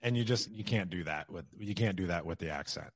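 A man's voice: low voice, dry recording. Blunt man swearing freely, dry sound. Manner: candid, quick, peppered with swearing. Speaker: podcast guest, roofing business owner. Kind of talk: casual interview talk.

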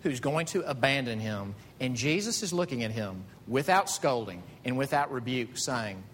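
A man preaching a sermon as pastor, animated, climbing to emphatic high peaks. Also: moderate pace, few pauses. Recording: reverberant hall with faint rumble.

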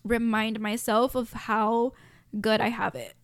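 A young woman with a Mexican American accent, slightly high-pitched, talks straight to her listeners in a heartfelt, reflective monologue. She sounds choked up with emotion, and the sound is dry and close with no room echo. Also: flat delivery, measured pace, clear, resonant tone. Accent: Mexican American English with Spanish mixed in. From United States. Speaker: podcast host.

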